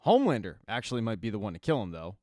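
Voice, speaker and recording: A man's voice: lowish voice, sing-song, racing, a little mellow, dry recording, clean studio sound. A man hosting a casual spoken recap of a TV season, chatty and adding offhand asides as he goes. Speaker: TV recap host.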